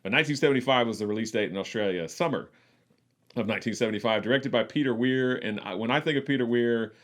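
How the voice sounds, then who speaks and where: Male co-host, medium pitch, relaxed movie-podcast recap. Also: fast. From United States. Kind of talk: casual movie discussion.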